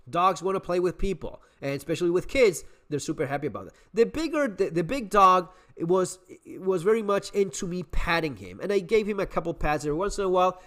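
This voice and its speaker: Middle-aged male host, casual storyteller, high and lively delivery, swears, restarts a lot. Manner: animated, swearing, repeats words and restarts. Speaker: survival channel host.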